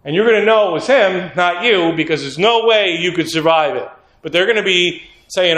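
An earnest male preacher talks through his sermon in a conversational way, slipping into voices for quotes. His voice sits a little above a usual man's pitch. The hall around him rings with echo. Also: animated, moderate pace, a bit bright. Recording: echoey room.

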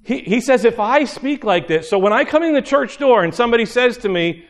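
A man preaching a sermon, animated, acting out little scenes in character voices. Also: extremely high pitch, fairly quick, hardly any pauses. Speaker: pastor.

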